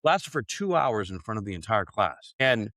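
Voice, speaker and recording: A man's voice: lowish voice, very animated, normal speed, a bit bright, no room sound. A man speaking as a podcast guest, telling his story in an earnest, reflective way, with frequent "like" and "right?" in his casual speech.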